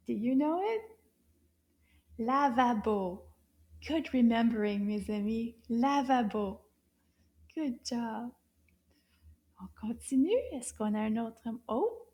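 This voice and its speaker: Woman, kids' teacher, slow and gentle, high mellow voice, soft whispers. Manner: gentle, drops to whispers with gasps of surprise. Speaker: children's French teacher. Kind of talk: slow kids' lesson, words repeated.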